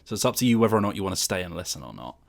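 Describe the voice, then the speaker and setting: A man narrating as game master of a tabletop game, talking in a relaxed way with lots of fillers. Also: sits low, very fast, vocal fry.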